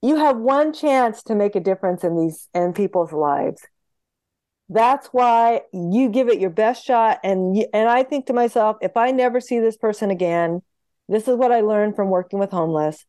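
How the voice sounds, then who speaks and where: A woman's voice: mid-range voice, no room sound. A woman guest, a homeopath, telling patient stories in an interview and acting out the voices of the people she quotes. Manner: lively, acts out quoted voices, quick laughs. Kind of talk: animated storytelling in interview.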